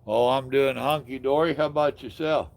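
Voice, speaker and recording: A man's voice: mid-range voice, steady tone, moderate pace, vocal fry. An older man hosting a casual live stream outdoors, chatting with viewers in a folksy, drawling way. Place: outdoors in the evening.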